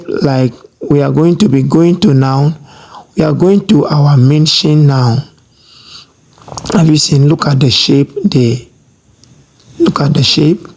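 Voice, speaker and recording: Slow-paced sewing tutor, repetitive. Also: medium pitch, a little mellow. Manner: slow, repeats "have you seen?" often; instructive, emphatic on technique.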